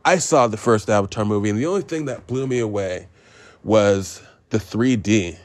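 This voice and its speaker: A low-voiced man rants through a podcast film review, swearing freely, wandering off on tangents and poking fun at himself. His voice sits close and dry, with no room sound around it. He swings from heated to sarcastic without ever sounding scripted. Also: lively intonation, moderate pace, a little mellow, no room sound. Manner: self-mocking, with jokey made-up phrases. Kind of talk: profane rambling monologue.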